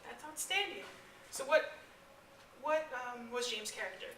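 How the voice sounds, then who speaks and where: Bright-voiced teacher in an echoey classroom. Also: female voice, fairly high pitch, measured pace, recorded from a distance, slight background noise. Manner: animated, questioning, with restarts. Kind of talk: classroom instruction.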